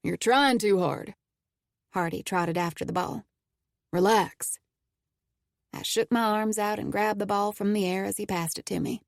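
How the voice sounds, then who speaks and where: A woman voicing an easygoing young man who coaches and teases a girl, in a lower, relaxed drawl, in an audiobook reading. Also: unhurried, gravelly, pauses often, no echo, studio quality. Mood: coaching. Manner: relaxed, low teasing drawl.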